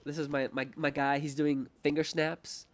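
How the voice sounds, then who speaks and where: A man's voice: on the high side, flat delivery, normal speed. Rambling, laughing young man chatting. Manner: rambling, self-mocking, laughs often, acts out quoted voices. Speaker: podcast host. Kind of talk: casual heart-to-heart chat.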